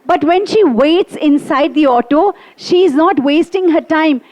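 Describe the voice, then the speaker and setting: High-voiced woman telling a children's story. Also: measured pace, darkish tone. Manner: playful, makes sound effects and asks the listeners questions.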